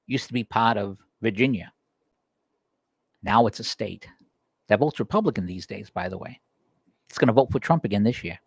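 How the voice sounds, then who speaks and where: A man hosting a political livestream, delivering a heated, emphatic monologue that climbs in pitch as he gets worked up. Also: a bit bright, dry recording, studio quality. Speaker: political talk show host. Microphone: livestream desk microphone.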